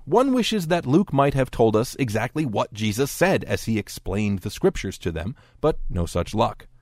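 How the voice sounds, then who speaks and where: A man's voice: medium pitch, big pitch swings, moderate pace, a little mellow, no room sound. A man giving scripted narration as a lecturer, explaining texts in a dry, wry tone and voicing quoted speech briefly.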